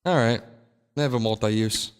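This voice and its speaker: A man with a low voice joins a casual podcast as a guest. He talks offhandedly and often turns away from the microphone. His voice sounds distant, with a long room reverb. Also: moderate pace, smooth. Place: studio apartment. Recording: distant from mic, roomy echo.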